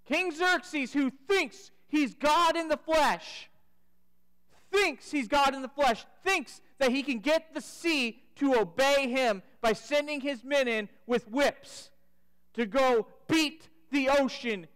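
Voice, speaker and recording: High-voiced man preaching in a reverberant church. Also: takes it slowly, clean tone. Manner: dramatic retelling, dropping to a hush for the climax. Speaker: pastor. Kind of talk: sermon storytelling. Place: church sanctuary. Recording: church sanctuary with long reverb.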